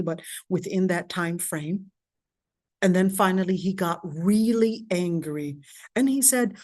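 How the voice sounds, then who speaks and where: A woman's voice: on the low side, darkish tone, dry recording, studio quality. A woman from Palestine, in her thirties, giving a casual lecture with personal anecdotes, chatty with frequent restarts and asides.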